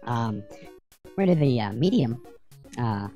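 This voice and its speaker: Low-voiced woman streaming a retro game. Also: big pitch swings, takes it slowly, dark tone, highs cut off, soft background music. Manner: rambling, profane, joking banter with chat. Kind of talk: casual livestream gameplay commentary.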